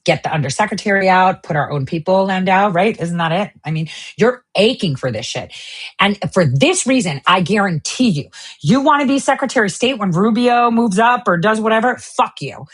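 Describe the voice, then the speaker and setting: Husky lady ranting about politics, swears a lot, voice jumps all over. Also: medium pitch, expressive, normal speed. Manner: heated, profane, sarcastic. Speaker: host. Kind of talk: political commentary rant.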